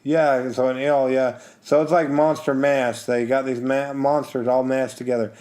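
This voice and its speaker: A man co-hosting a casual game podcast, easygoing, reading out funding details and gently correcting his co-host. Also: mid-range voice, level tone, moderate pace. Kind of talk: casual chat previewing crowdfunded games.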